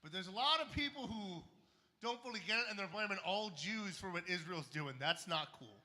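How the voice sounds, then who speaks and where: A man doing a stand-up set on a comedy club stage, wry and punchy with dark jokes. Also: sits high, animated, fairly quick, big-room sound.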